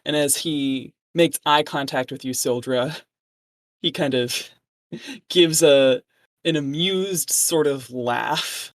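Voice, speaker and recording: A woman narrating a tabletop game as game master, relaxed and loose. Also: sits low, slow, no room sound.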